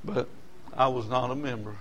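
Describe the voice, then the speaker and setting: A man's voice: mid-range voice, steady tone, moderate pace, a bit bright. A man preaching a sermon, telling personal stories in a folksy way and building to emotional peaks.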